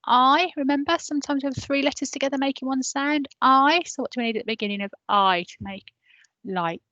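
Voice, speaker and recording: The woman leading this online phonics class for parents speaks high, pushed and bright, on a muffled recording without echo. She takes letters slowly and patiently, having her listeners repeat each one after her.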